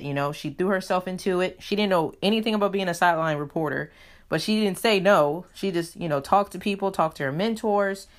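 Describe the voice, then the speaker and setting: A woman hosting a solo podcast in a casual, chatty way, leaning often on "you know" as she talks. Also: fairly low pitch. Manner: chatty, heavy use of "you know" fillers. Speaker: podcast host.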